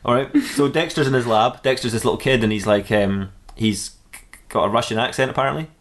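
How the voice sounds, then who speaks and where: A man's voice: medium pitch, brisk. A young man hosting a podcast, rambling through an improvised comic story, often restarting and giggling. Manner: rambling, self-interrupting, giggly. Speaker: podcast host.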